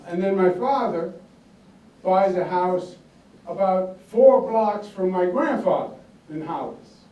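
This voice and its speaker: A man's voice: sits high, warm tone. Older man with a Queens accent, echoing speech. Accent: Queens, New York. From Queens, New York. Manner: folksy, emphatic, repeats lines for effect. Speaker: political candidate. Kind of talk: campaign speech. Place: echoey indoor office hall. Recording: echoey, distant room recording with faint noise.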